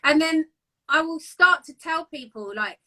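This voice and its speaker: Bright, high-voiced woman. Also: animated, measured pace. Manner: chatty, self-mocking storyteller. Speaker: guest, fitness competitor. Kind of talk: casual chat. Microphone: phone, live stream.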